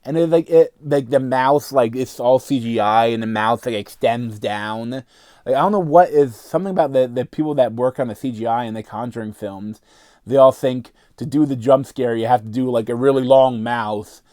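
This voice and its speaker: A man's voice: mid-range voice, moderate pace, darkish tone, no echo, studio quality. A man giving a casual, rambling movie review, full of filler words and restarts.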